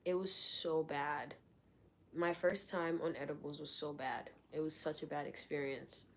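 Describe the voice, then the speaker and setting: A young woman telling a story in a casual, animated way, acting out what people said. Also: low-pitched, a little slow, slight background noise. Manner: animated, dramatic retelling with lots of "like". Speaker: vlogger.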